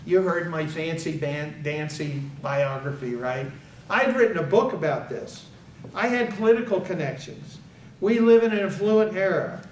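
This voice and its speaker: A man's voice: a little high, expressive, moderate pace, slight background noise. A man, a guest speaker and author, telling a personal story at an event and acting out the dialogue. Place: indoor event hall. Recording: echoey hall, far from the mic.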